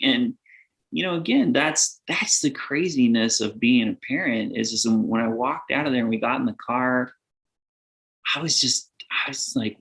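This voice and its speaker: A middle-aged man appears as a podcast guest, speaking earnestly in a mid-range, slightly bright voice with a creaky quality at a normal speed. He rambles in casual conversation, leaning on plenty of fillers and laughing often.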